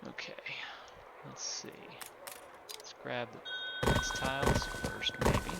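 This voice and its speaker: A man's voice: very high voice, huge pitch swings, slow pace, creaky, whispered. A man streaming a game live, thinking aloud in a casual, chatty way, asking his viewers for ideas and grumbling a little with small restarts. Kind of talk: casual live-stream commentary while playing.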